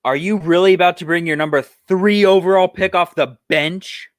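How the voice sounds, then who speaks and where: Casting note: young male podcast host, slightly high voice, dry close mic, heated profane ranting. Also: fairly even intonation, moderate pace, dry recording. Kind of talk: solo sports podcast rant and roundup.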